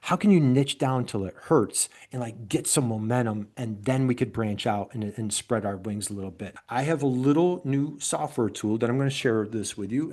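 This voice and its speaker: An enthusiastic middle-aged man with an upstate New York accent, presenting a business webinar in a voice that sits at an ordinary pitch for a man. He speaks in a motivational way and keeps asking his listeners questions. He is heard through a computer mic on a video call. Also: moderate pace, few pauses, a little mellow.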